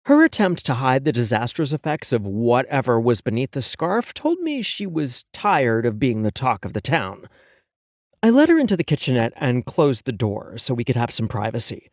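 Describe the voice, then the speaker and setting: A man narrates a first-person audiobook with a sassy, sarcastic edge and plenty of swearing. His pitch moves a lot, and the close-miked sound is dry. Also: huge pitch swings, moderate pace, darkish tone, dry recording.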